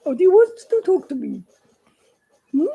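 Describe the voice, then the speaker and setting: A woman voicing a friendly, shy male bear puppet who is eager for attention, in a sweet, husky voice. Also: high-pitched, very animated, normal speed, narrow, tinny audio, voice pushed up, full character voice. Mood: bashful.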